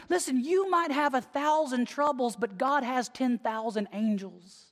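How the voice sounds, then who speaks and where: A preacher delivering a conversational sermon, emphatic, swinging from lively to hushed. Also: high voice, unhurried, hardly any pauses. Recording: long hall reverb.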